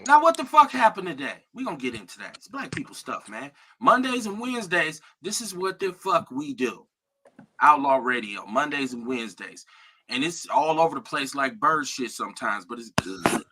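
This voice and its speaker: A man's voice: medium pitch, normal speed, husky. A man hosting a live streamed talk radio show, joking and swearing through loose banter with his co-hosts. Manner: animated, profane, joking banter.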